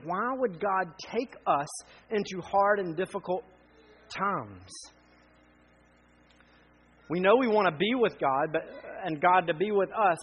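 A man in his thirties preaching a sermon, earnest, with frequent pauses that build to emphatic appeals. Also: high-pitched, fairly bright tone, husky, rough recording. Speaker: pastor.

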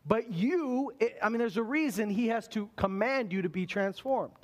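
A pastor preaching a sermon, speaking conversationally with asides to the congregation and slowing down to read scripture. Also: male voice, high voice, lively intonation.

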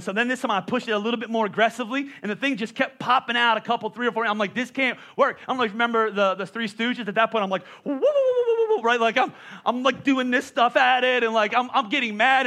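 A man's voice: very high voice, sharp tone. A man in his thirties preaching a sermon, telling a comic story with playful self-mocking asides. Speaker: pastor.

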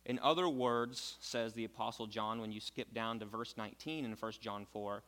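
A man preaching a sermon, moving between quiet explanation and loud, emphatic passages. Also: fairly even intonation, normal speed, hardly any pauses. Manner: swings from soft low explaining to loud high emphatic preaching. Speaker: pastor.

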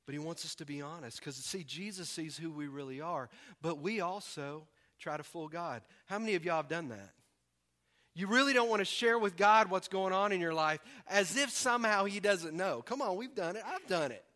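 A man from the preaching a sermon, animated and acting out voices with humor. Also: high voice, normal speed. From American South. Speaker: pastor.

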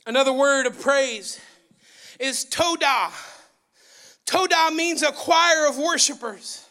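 A man preaching a sermon in a church, excitable and loud, his voice rising into yelling. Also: extremely high pitch. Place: church sanctuary.

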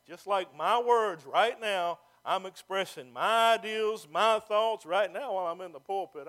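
Man, pastor, high voice, emphatic preaching, drawn-out phrases. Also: fairly bright tone. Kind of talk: sermon.

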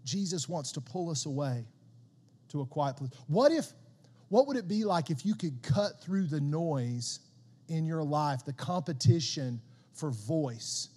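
A man with a high voice preaches in a casual, animated way, talking to the congregation like friends and stumbling over repeated words as he pushes a point. His voice rings with the long reverb of a church hall. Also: a little slow. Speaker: pastor. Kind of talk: sermon.

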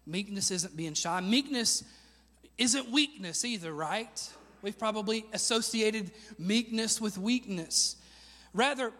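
A man preaching a sermon as pastor, animated, rising to shouts on key lines and asking the congregation to repeat words after him. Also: high voice, long reverb tail.

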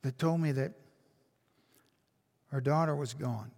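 A man's voice: medium pitch, takes it slowly, long pauses, darkish tone, in a large hall. A man preaching a sermon as a pastor, telling a story with earnest, emphatic repetition. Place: church.

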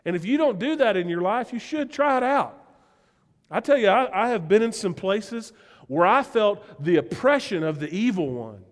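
A man's voice: sits high, big pitch swings, moderate pace, big-room sound. A man with a Southern US accent, preaching a conversational sermon as a pastor, earnest and emphatic, often turning to the listeners with direct questions. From Southern United States.

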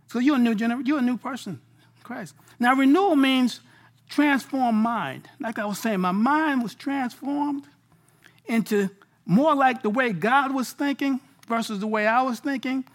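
A man preaching a sermon in a casual, slangy way, moving between loud bursts and hushed lines. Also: very high-pitched, normal speed.

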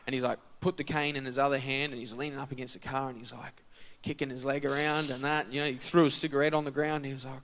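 A church member gives a testimony, talking fast in a mid-range voice with hardly any pauses. He's casual and animated, acting out the dialogue as he tells the story.

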